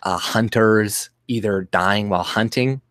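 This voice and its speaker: A man's voice: fairly low pitch, measured pace, a bit bright, no echo, clean studio sound. A man from Canada hosting a casual political livestream from his home, rambling and profane, restarting often and mimicking people he mocks. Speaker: livestream host. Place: home room.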